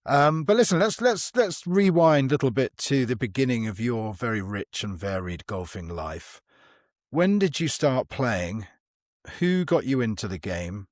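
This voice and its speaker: A man's voice: mid-range voice, lively intonation, measured pace, dry recording. Wry male podcast host, dry sound. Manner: wry, playful interviewer. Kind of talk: casual chat.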